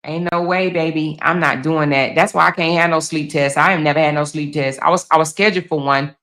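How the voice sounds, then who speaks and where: Woman host for a casual live-stream chat: loud, blunt, cusses freely, quick to laugh, bright and forceful tone. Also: deep voice, fairly even intonation.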